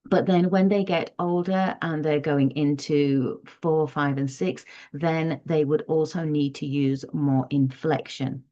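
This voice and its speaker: Slow, measured woman teacher. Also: deep voice, fairly even intonation, warm tone. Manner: measured, explanatory, demonstrates reading aloud. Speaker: teacher giving parenting advice. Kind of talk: instructional talk to parents. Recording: dull lo-fi audio.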